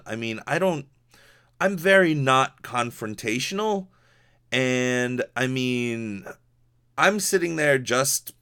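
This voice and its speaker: A man's voice: mid-range voice, a bit bright. Rambling, cursing young man from Hawaii. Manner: rambling, profane, many restarts and fillers. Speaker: podcast host. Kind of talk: casual monologue.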